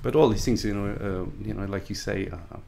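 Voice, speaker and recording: An Australian man hosting a casual podcast chat, explaining things slowly and simply for a learner. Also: fairly low pitch, steady tone, gravelly, warm tone, a little hiss or hum. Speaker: podcast host. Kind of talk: casual conversation.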